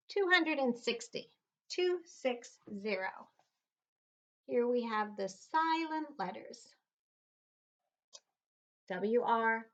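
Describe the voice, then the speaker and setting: Middle-aged lady teacher doing phonics for little kids, super slow, spells letters out, kinda muffled lo-fi audio. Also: a little high, a bit bright. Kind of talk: phonics lesson for young children. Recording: dull lo-fi recording.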